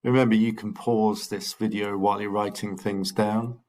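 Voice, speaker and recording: A man teaching a recorded German lesson, drilling numbers slowly and patiently with cheerful encouragement to his pupils. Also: on the low side, flat delivery, darkish tone. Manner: slow, patient drilling with repeated counting. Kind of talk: recorded language lesson for children.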